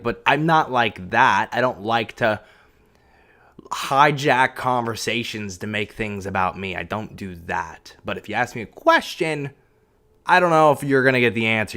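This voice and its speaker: A man's voice: mid-range voice, a bit bright. A man hosting a solo podcast from a room at home, talking casually in a rambling, self-deprecating way with lots of fillers and restarts. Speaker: podcast host. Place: echoey home room, on a couch. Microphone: podcast mic with pop filter.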